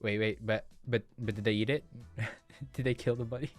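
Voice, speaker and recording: A man's voice: on the low side, steady tone, brisk, no echo, soft background music. A man reading a dating visual novel aloud, breaking off for playful, joking asides. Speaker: let's player.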